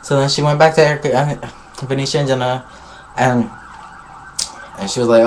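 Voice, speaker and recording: A man's voice: medium pitch, fairly even intonation, brisk, a little hiss or hum. A man casually recapping a reality show episode, gossipy and full of swearing, skipping ahead with filler. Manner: gossipy, swears a lot, skips ahead with "blah, blah, blah". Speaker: vlogger reviewing a reality show.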